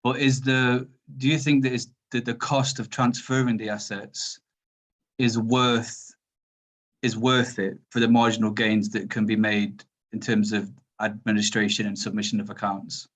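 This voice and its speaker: A man's voice: on the low side, little pitch movement, moderate pace, fairly bright tone. A man on a webinar video call, asking polite, apologetic questions while thinking aloud.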